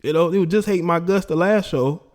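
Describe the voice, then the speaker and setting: A man with a high-pitched, slightly mellow voice talks briskly while hosting a casual call-in livestream. He boasts and laughs as he speaks with his chat and callers.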